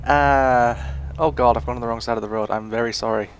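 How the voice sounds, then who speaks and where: A young man from Britain rambles through casual gameplay commentary, chatty and self-mocking. His mid-pitched voice has a gravelly edge. Faint game noise murmurs under his desk mic. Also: steady tone, fairly quick. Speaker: gaming YouTuber.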